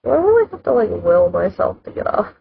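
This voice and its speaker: Gravelly woman musing over a game. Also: mid-range voice, sing-song, brisk. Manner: musing, thinking aloud. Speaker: let's play host. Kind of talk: casual game commentary. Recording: phone-like lo-fi mic with game music.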